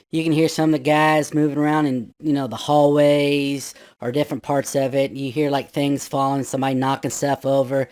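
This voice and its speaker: A man in his fifties telling a spooky true story in a loose, rambling way, full of "you know" asides, sometimes shouting out what others said. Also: a little high. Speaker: guest storyteller. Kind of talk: casual spoken ghost story.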